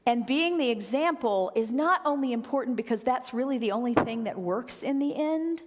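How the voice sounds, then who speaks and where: A middle-aged woman minister giving a sermon, expressive, rising for quotes and dropping to a near whisper. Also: a little high, moderate pace. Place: church sanctuary. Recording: long hall reverb.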